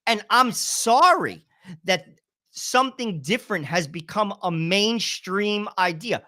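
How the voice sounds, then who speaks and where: A man co-hosting a political talk show, explaining his views in a deliberate, lecturing way. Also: high-pitched, lively intonation, sharp tone, no room sound, studio quality. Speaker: co-host.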